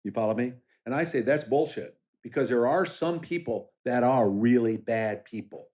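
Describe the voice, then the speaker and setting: A man's voice: mid-range voice, animated, normal speed, darkish tone. A middle-aged man, a former law enforcement officer running for office, talking in a casual interview in a direct, emphatic way and telling anecdotes. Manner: emphatic, direct, tells anecdotes with quoted voices.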